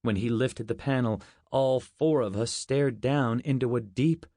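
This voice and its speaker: A man narrating a comic story in first person as an audiobook reader, with a clear storytelling delivery. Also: mid-range voice, unhurried, warm tone, no echo, clean studio sound.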